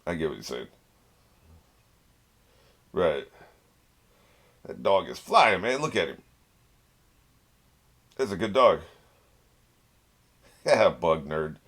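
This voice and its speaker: A man with a low, deep voice gives casual reaction commentary while watching an episode. He chats loosely, laughs often and talks straight back at the characters on screen. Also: big pitch swings, slow pace, long pauses, a bit bright. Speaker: anime reaction channel host.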